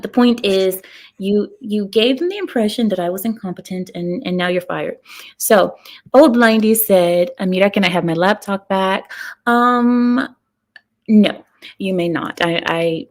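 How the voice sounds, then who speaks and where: A woman hosting a livestream who chats casually with her viewers and jokes in a sarcastic, deadpan, provocative way. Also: mid-range voice, measured pace. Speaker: livestream host.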